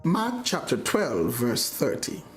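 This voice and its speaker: A man preaching a sermon as a bishop, slow and deliberate, rising to emphatic points. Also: medium pitch, wildly swooping pitch, over music. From Jamaica.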